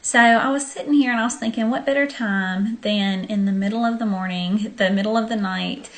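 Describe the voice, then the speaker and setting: A woman's voice: medium pitch, fairly quick. A young woman with a Southern accent from Arkansas, telling a story to her viewers in a chatty, casual way with lots of ums, late at night. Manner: chatty, many ums, friendly direct address. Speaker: vlogger.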